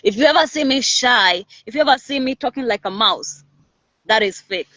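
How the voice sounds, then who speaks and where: A woman's voice: on the high side, moderate pace, no room sound, low-quality recording. A woman hosting a personal branding series, talking casually and confidently to her audience and often checking in with "all right?". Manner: energetic, confident, animated, with many "all right?" check-ins. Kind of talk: casual motivational talk to camera.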